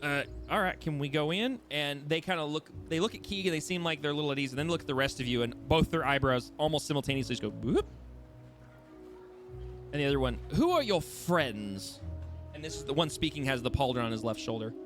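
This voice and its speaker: A man narrating a tabletop game as game master, describing scenes haltingly with many pauses and restarts, over faint music. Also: on the high side, fairly even intonation, a bit bright.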